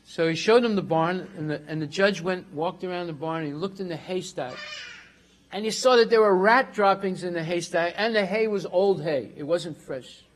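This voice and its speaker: A man teaching a class, telling a story in a relaxed way and dropping in Hindi words. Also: high-pitched, normal speed.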